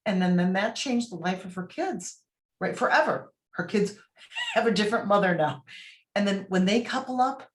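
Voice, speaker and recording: A woman guest on a podcast interview, telling a personal story in a lively way and acting out what people said. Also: medium pitch, normal speed. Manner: lively storyteller who acts out quoted voices. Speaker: podcast guest, motivational speaker.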